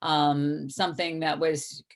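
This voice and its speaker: Low-voiced woman hosting a live stream. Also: little pitch movement, slow pace. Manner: earnest, chatty, reads viewer comments aloud. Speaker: host.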